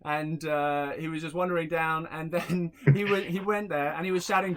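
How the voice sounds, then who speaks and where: A young man from England doing a rambling, deadpan stand-up set with many fillers. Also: on the high side, normal speed, hardly any pauses. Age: young adult. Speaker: stand-up comedian. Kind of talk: stand-up set over a video call.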